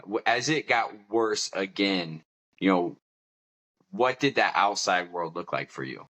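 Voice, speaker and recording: Slow, deep-voiced male podcast host. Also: animated, sharp tone. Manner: halting, hesitant phrasing. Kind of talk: interview questions.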